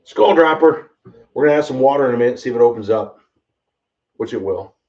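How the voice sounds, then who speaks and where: A man hosting a casual bourbon tasting, excitable and rambling, exclaiming often. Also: medium pitch, fast. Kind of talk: casual livestream tasting chat. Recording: slightly distant, dull lo-fi mic.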